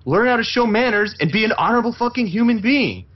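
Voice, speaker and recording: A man's voice: very high voice, lively intonation, fast talker, voice pushed up. A man putting on a whiny, foul-mouthed male gamer streamer who is paranoid and hot-tempered, ranting and cursing, on a muffled lo-fi recording. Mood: angry ranting. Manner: ranting, cursing, indignant whining.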